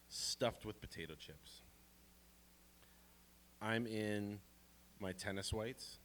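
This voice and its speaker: A man telling a true first-person story at a live library storytelling event, animated and playful with comic asides. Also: on the low side.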